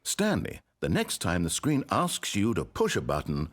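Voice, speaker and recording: An actor playing a dry, wry, all-knowing male game narrator with a measured, theatrical delivery. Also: sits low, huge pitch swings, full character voice. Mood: exasperated.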